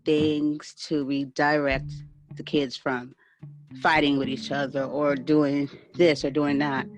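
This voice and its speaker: A woman's voice: sits low, little pitch movement, slow, faint music behind. A woman hosting a podcast, talking casually with lots of fillers and restarts. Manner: casual, filler-heavy, rambling. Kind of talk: casual conversation.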